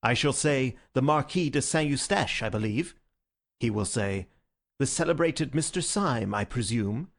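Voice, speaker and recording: A man voicing a tipsy, witty young gentleman in an audiobook, with a grand, bubbling delivery. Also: medium pitch, expressive, unhurried. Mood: giddy. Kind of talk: audiobook character voice.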